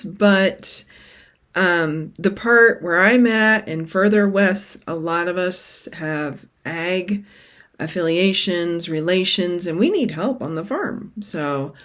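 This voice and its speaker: A woman's voice: medium pitch, slow. A middle-aged woman hosting her cross-stitch vlog in casual, rambling chat that keeps drifting off topic. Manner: rambling, chatty, sidetracked.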